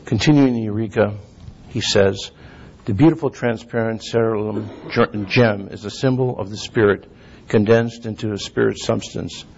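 Man, low gravelly voice, sermon, measured scripture reading, dull lo-fi recording. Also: a little mellow, a little hiss or hum. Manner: measured, reads scripture slowly, clears throat often. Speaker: lay preacher.

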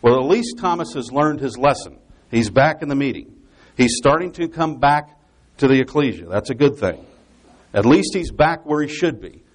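Lively, emphatic male preacher. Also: mid-range voice, moderate pace. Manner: emphatic, repeats key phrases for effect; explains scripture step by step. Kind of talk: Bible exposition sermon.

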